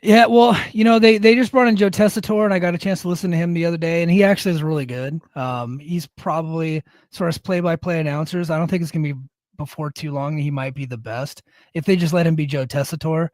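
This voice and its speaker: A man's voice: fairly high pitch, steady tone, fast, a little mellow, no echo, clean studio sound. A man co-hosting a podcast in casual chat, blunt and opinionated, swearing freely. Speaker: podcast co-host.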